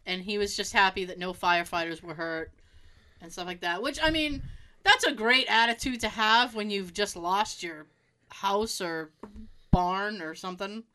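A woman's voice: mid-range voice, normal speed. A woman co-hosting a casual chat, swearing freely and laughing as she tells stories. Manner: animated, profane storyteller who laughs often. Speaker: podcast co-host.

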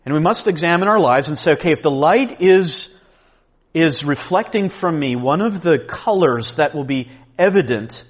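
A man's voice: fairly high pitch, lively intonation, moderate pace, breathy edge, highs cut off. A man preaching an earnest, emphatic sermon to a men's retreat, repeating key points and restarting phrases as he teaches. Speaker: pastor.

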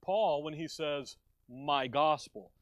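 A man's voice: on the high side, slow, no echo. A middle-aged man from Chicago preaching a sermon to his congregation in a folksy way, with joking asides. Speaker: pastor. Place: church.

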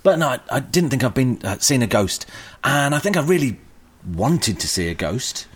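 Man, 40s, husky, mid pitch, rambling podcast co-host. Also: big pitch swings, moderate pace. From England. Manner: rambling, hesitant with many ums. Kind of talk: casual chat.

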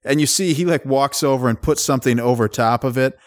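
A man's voice: mid-range voice, brisk, dry recording, clean studio sound. A man co-hosting a podcast, chatting casually about a film in a laid-back way. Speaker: podcast co-host. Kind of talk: casual chat recapping a film.

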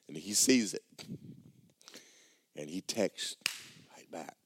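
A male preacher spins a story for his congregation. His voice sits low, and he talks in a folksy, animated way, restarting and repeating words. The sound is dry and close. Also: unhurried, pauses often, husky, dry recording. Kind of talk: storytelling sermon.

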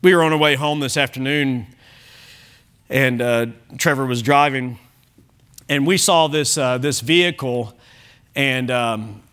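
A male pastor preaching an evening sermon, emphatic, with frequent restarts and softer asides. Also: medium pitch. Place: church service.

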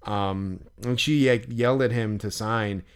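A man in his forties with a fairly low voice chats on a podcast. He is easygoing and drops casual swears as he reacts to his co-host. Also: a little slow, smooth. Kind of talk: casual chat.

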